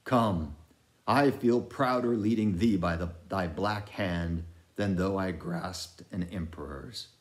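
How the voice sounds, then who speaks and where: A man's voice: sits low, takes it slowly. A man voicing an obsessed old sea captain who speaks in archaic, declamatory sentences. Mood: solemn.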